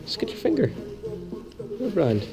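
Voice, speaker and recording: A man with a hoarse voice from the flu, hosting a casual step-by-step engine repair tutorial, chatty and homely, repeating small instructions. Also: sits high, huge pitch swings, moderate pace, over music, low-quality recording. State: hoarse, losing his voice with flu. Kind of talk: casual step-by-step workshop demonstration.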